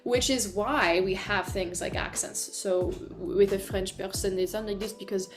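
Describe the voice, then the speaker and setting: Role: voice actress guest. Sex: woman. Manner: animated, chatty. Pitch: mid. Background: faint music. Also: moderate pace. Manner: animated, enthusiastic, chatty with many fillers. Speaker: voice actor guest. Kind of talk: casual interview chat.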